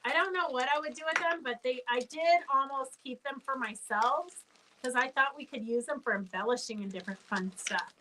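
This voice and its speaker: A woman's voice: high voice, brisk, far from the mic, background noise. A woman who owns a fabric shop hosts a live sale stream, chatting in a rambling way and calling out auction winners by name.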